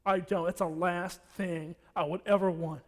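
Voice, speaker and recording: A man's voice: high voice, fairly even intonation, moderate pace. A young man preaching a sermon in a church, blunt and repetitive, hammering his warnings home. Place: church hall. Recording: long hall reverb.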